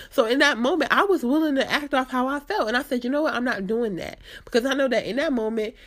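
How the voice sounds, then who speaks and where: Earnest woman sharing a faith reflection. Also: a little high. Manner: earnest and conversational, laughs at herself. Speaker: podcast host. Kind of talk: faith-based personal reflection.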